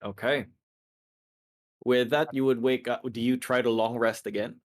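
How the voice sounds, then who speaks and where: A man narrating as game master in a relaxed, descriptive way. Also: medium pitch, normal speed.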